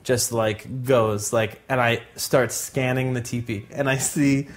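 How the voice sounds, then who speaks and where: A man's voice: mid-range voice, slow. A young man casually telling a long story, rambling with constant fillers and acting out the people he quotes. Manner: rambling, heavy use of "like", animated quoting. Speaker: podcast co-host.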